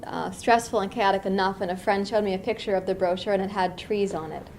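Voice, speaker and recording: Unhurried middle-aged woman meditation teacher. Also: medium pitch, slight background noise. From US East Coast. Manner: reflective, unhurried, with lively asides. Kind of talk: dharma talk.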